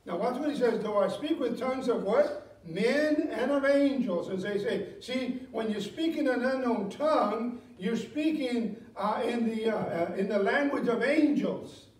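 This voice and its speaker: A man's voice: very high voice, a little slow, few pauses, darkish tone. A man pastor preaching a Bible study sermon, reading verses aloud, asking the congregation questions and chuckling between points. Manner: conversational preaching, reads scripture aloud, asks the congregation questions; chuckles often, many fillers and self-corrections. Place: church sanctuary. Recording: echoey room, voice from a distance.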